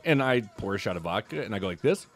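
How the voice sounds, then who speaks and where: A man's voice: lowish voice, lively intonation, faint music behind. A man co-hosting a podcast, telling stories in casual chat and acting out what people said. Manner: fast storytelling with quoted voices. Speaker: podcast co-host.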